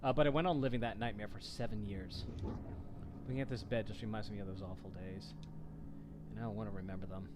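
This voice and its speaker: A man reading aloud the lines of a haunted, weary teenage girl in a low, subdued voice over a noisy home recording. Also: fairly even intonation, fast, lightly acted. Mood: grim. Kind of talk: reading game dialogue aloud.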